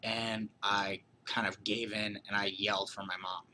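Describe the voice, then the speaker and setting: A hoarse man, sick, telling a spooky personal story in a casual, rambling way with lots of restarts. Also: lowish voice, flat delivery, unhurried, pushed and bright, a little hiss or hum, rough recording. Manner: rambling, full of "you know" and restarts.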